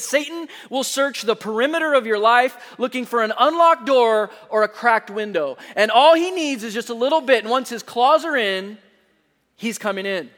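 A man preaching a sermon as a pastor, telling lively stories and rising to shouts. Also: very high voice, big-room sound.

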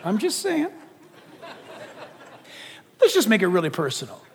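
A man delivers a sermon with a high voice that swoops up and down. He jokes and slips into quoted voices as he preaches. The sound rings with the long reverb of a large church hall. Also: a little slow, vocal fry, a faint crowd. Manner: animated, joking, acts out quoted voices. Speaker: pastor. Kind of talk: lively sermon. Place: church auditorium.

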